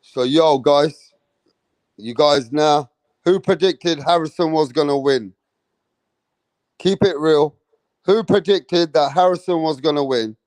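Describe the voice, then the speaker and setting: A man's voice: a little high, slow pace, pauses often, darkish tone, dry recording. Brash, boastful man hosting a boxing live stream. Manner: boastful, brash and profane, addressing the chat. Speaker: boxing channel host.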